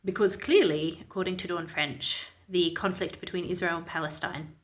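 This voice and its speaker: A woman's voice: on the low side, fairly even intonation, normal speed. A woman from Ireland giving opinionated, sarcastic and indignant commentary in a vlog. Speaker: commentary vlogger.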